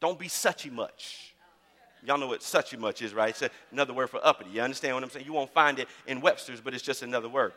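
A man preaching a sermon in a church, calling out to the congregation and repeating phrases as he builds to shouts. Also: mid-range voice, lively intonation, fast talker, in a large hall. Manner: call-and-response preaching, repeats words, rising to shouts. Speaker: pastor.

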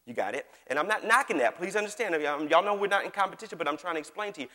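A man's voice: high-pitched, expressive, rapid-fire, pushed and bright. A man preaching a sermon as pastor, folksy and joking, calling on the congregation to answer back. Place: large church hall. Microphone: microphone on stage. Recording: long hall reverb.

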